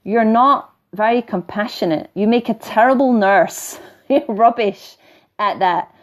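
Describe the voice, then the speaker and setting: A middle-aged woman with a softened Scottish accent, talking casually on a live stream as a spiritual teacher, wandering off topic and laughing now and then as she coaches viewers. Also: fairly high pitch, unhurried. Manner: chatty and digressive, laughing often, coaching tone. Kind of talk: live-stream talk, reading viewer comments.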